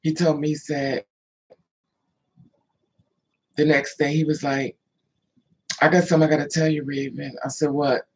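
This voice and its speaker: A woman's voice: deep voice, flat delivery, fairly quick, a little mellow, a little hiss or hum, poor audio. A woman telling stories in a loose, chatty way, stopping to answer viewers by name. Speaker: livestream host. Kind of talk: casual storytelling chat.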